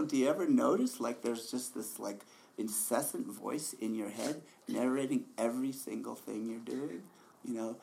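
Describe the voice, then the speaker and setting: A man giving a relaxed, conversational dharma talk as a meditation teacher, often laughing softly. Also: mid-range voice, normal speed, vocal fry.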